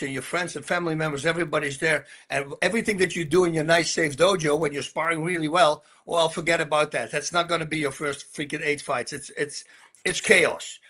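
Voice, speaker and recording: A lively man in his sixties with a Dutch accent spins stories as a podcast guest, acting out both sides of the conversation and punching them up with sound words. His voice sits a bit high for a man and comes across bright and forceful. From Netherlands. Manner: animated storyteller, acts out dialogue, sound words like boom and bonk. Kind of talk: storytelling interview.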